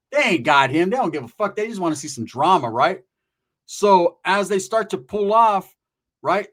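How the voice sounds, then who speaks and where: A man tells a story in loose street slang. He keeps checking in with his listener and swears freely as he goes. His delivery is animated and conversational. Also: a little high. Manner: animated, profane street slang with frequent "right?" tags. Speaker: storyteller recounting prison experiences. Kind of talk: casual storytelling.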